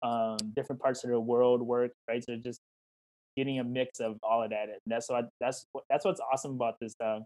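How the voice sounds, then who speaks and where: A man's voice: medium pitch, level tone, brisk. A man speaking as a life coach over a video call, his voice sitting in an ordinary middle range. He talks casually and encouragingly, slipping into quoted back-and-forth to make his points. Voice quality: warm, encouraging, talks in questions and quoted dialogue. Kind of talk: interview answers, casual chat.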